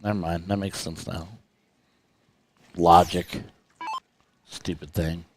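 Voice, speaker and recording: A man's voice: low-pitched, slow pace, slight background noise. A man doing casual, joking commentary on a darts livestream. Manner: joking, teasing, animated. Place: indoor event stream room.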